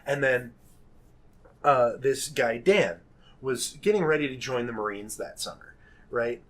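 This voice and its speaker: A young man telling a wild story on a podcast in a casual, animated way. He laughs often, swears freely and acts out the people he quotes. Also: medium pitch, unhurried.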